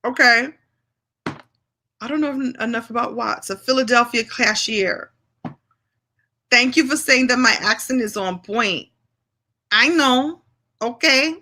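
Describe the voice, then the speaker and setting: Woman from New York hosting a lively live chat, bright and forceful, a bit high. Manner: playful, exclamatory, laughs often. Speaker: speaker hosting a live session. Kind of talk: lively live-stream chat with an improv game.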